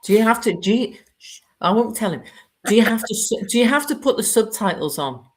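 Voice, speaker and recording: A woman, chatting lively as an interviewer on a live stream. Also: a little high. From United Kingdom. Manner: chatty, lively, quick asides.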